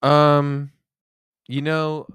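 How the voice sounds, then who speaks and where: A man chats on a podcast, telling tour stories in a relaxed, playful way. His voice is smooth and clear. The sound is dry and close, with no room echo. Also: fairly high pitch, drawn-out words. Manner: relaxed storytelling with playful asides. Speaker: podcast co-host, comedian. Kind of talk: casual podcast chat.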